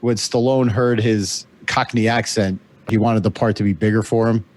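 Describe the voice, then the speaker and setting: A man's voice: on the low side, steady tone, normal speed, darkish tone. A man co-hosting a casual film podcast, chatty and amused as he shares film trivia. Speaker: podcast co-host.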